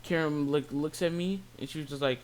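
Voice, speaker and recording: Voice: mid-range voice, a little fast. A young adult retail worker telling a story in a casual, exasperated rant full of swearing. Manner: profane, exasperated, lively.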